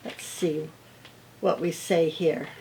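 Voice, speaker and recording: A middle-aged woman teacher reading picture books aloud to children, acting out the sound words with animated expression. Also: deep voice, slight background noise, poor audio. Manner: slow, gentle pace.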